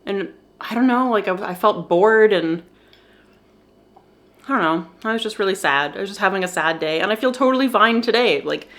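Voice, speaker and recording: A young woman vlogs candidly about feeling lonely, speaking softly and haltingly, a little teary, with nervous laughs. Her voice is medium-pitched with lively intonation.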